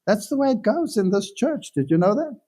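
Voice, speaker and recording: A male pastor preaches in a relaxed, anecdotal way and pokes fun at himself as he tells his stories. His voice sits somewhat high, and its tone is soft and mellow. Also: brisk, husky. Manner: conversational storyteller, self-deprecating humor. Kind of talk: anecdotal sermon talk.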